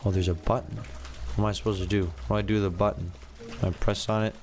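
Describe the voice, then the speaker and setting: A man's voice: on the low side, level tone, quick pace, noisy background. A man giving casual, jokey commentary as he plays a video game, often thinking aloud and confused. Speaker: gaming YouTuber.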